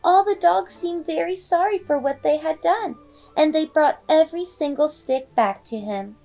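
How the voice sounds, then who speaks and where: A woman reading a children's bedtime story aloud with expressive, dramatic storybook delivery. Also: high voice, normal speed, creaky. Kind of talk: bedtime read-aloud narration. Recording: faint background music.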